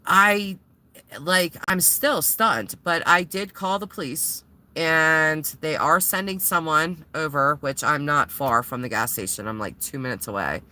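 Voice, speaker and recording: A woman's voice: low-pitched, measured pace, pushed and bright. A woman vlogger telling a story in a casual, rambling way, sounding shaken and using many fillers. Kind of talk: casual vlog retelling.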